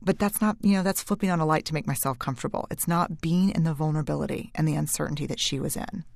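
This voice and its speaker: Low gravelly-voiced woman telling a story. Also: no echo, studio quality. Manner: candid, confiding, shifts between brisk and slow hushed phrases. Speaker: researcher giving a talk. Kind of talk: personal storytelling talk.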